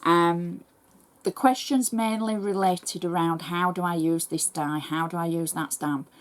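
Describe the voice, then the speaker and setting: An English woman who hosts crafting tutorials, reading viewer messages aloud in a brisk, chatty and thankful way. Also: fairly low pitch, fairly even intonation. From England.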